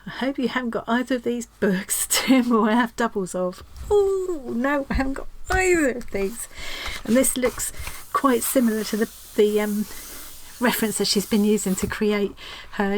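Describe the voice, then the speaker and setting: A woman hosting a craft channel, chatting casually and excitedly as she opens mail in her craft room. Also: mid-range voice, normal speed, slight background noise. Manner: chatty and excitable, gasping and laughing often. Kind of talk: casual chat while unboxing mail.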